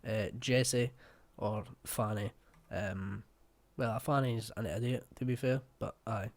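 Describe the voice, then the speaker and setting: A man's voice: mid-range voice, unhurried, few pauses. A man with a West of Scotland accent hosting a reaction video, talking casually, swearing bluntly and joking.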